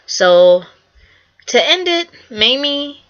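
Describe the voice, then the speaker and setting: A woman's voice: sits high, sing-song, extremely slow, a bit bright, highs cut off. A young woman artist giving a casual, earnest spoken presentation, repeating herself for emphasis and often acting out quotes. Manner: earnest, repetitive, acts out quotes. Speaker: artist presenting her work.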